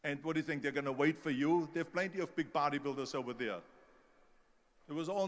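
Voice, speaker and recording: A man's voice: on the high side, fast talker. German-accented older man, big hall echo. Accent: Austrian German. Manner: storytelling, acts out quoted doubters. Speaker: motivational speaker. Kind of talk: motivational speech. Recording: long hall reverb.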